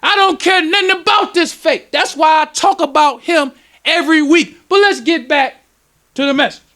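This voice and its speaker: A man, a minister, preaching a lecture at a temple in an excitable, emotional way, breaking into sudden shouts. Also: very high-pitched, moderate pace.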